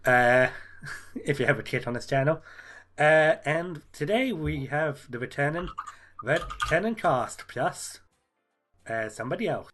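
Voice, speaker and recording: A man hosting a gaming podcast in casual chat, halting and hesitant, laughing often. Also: a little high, lively intonation, a bit bright, soft background music. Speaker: podcast host.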